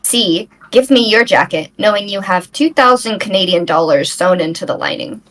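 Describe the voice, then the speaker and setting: A woman playing a poised bachelorette, reading out questions in a measured way. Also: mid-range voice, expressive, fairly bright tone, close to an everyday voice, rough recording. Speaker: contestant. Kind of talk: comedic improvised dating game.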